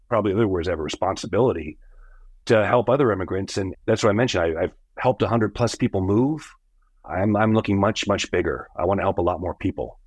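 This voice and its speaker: A middle-aged American man, a company founder, telling his family story as a podcast guest, animated, acting out the voices he quotes. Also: on the low side, dry recording. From United States. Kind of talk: storytelling in an interview.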